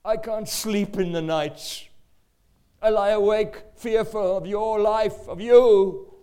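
A man acting out a distraught, weeping male coworker who pleads slowly and loudly in guilt. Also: high voice, steady tone. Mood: anguished. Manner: slow, loud, anguished pleading.

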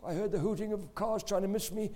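A man's voice: sits high, fast, warm tone. A male preacher telling a personal testimony in an emphatic, dramatic storytelling style. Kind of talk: sermon testimony.

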